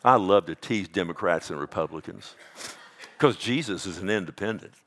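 A male pastor delivering a sermon, swinging between loud emphatic bursts and hushed intensity and calling out to the congregation. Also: low voice, normal speed. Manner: calls out "Amen?" to the congregation.

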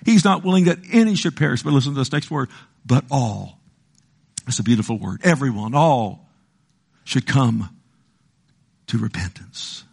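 An older man preaching a sermon with passion, moving from loud pleading to hushed lines and acting out the voices he quotes. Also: medium pitch, animated, normal speed, creaky, long pauses, husky.

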